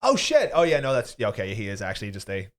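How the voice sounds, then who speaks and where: A Northern Irish man co-hosting a live talk show, chatting casually in a sweary, animated way and laughing often. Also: fairly low pitch, fast. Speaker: co-host. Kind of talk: casual chat.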